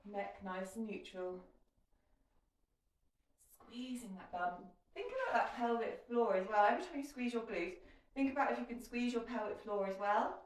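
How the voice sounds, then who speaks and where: A woman's voice: on the high side, animated, normal speed. A woman leading a kettlebell workout as fitness instructor, giving chatty, encouraging cues. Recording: echoey room, mic at a distance.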